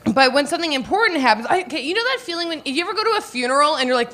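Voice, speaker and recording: A woman's voice: high voice, expressive, racing, hardly any pauses, sharp tone. A young woman doing a stand-up set, bubbly and giggly, acting out little voices as she goes. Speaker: stand-up comedian. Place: comedy stage, live audience.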